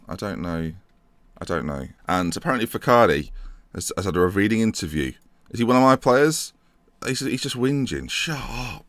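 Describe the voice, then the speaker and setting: A young man giving excitable, jokey let's-play commentary on a football management game, thinking aloud as he goes. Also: medium pitch, no echo. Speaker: gaming YouTuber.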